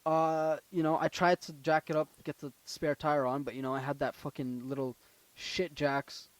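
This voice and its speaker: A young man co-hosting a casual podcast, telling a story with lots of swearing, swinging between loud and quiet. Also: fairly high pitch, little pitch movement, normal speed, dry recording. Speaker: podcast co-host.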